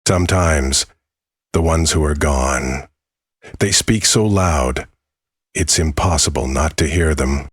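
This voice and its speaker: A man reading the lines of a quiet, mysterious little girl who hears the dead, soft-spoken and certain. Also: rumbling low, slow pace, long pauses, slightly rough, dry recording, clean studio sound, full character voice. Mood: hushed.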